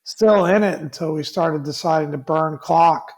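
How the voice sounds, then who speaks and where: A man's voice: fairly high pitch, moderate pace, crowd noise. Rambling man, raised voice, talking sports. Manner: rambling, many fillers and restarts, laughs easily. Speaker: podcast co-host. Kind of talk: casual sports chat.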